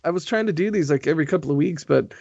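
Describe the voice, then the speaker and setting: An American man hosting a relaxed podcast chat, his voice sitting a little high for a man. He rambles, laughs often and restarts his sentences. The sound is dry and a touch dull. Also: rapid-fire, gravelly, no echo. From United States. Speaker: podcast host. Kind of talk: casual chat.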